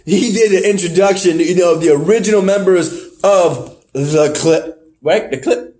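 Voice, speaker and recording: A man's voice: sits high, takes it slowly, a little mellow. A man co-hosting a podcast, rambling through a casual play-by-play recap with fillers and laughs. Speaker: podcast co-host. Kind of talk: casual wrestling recap chat.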